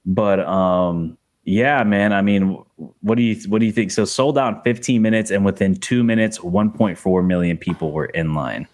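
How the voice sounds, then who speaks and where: A man's voice: lowish voice, moderate pace, hardly any pauses, a little mellow. A man co-hosting a podcast, giving opinions in casual sports chat with long runs and fillers. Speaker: podcast co-host.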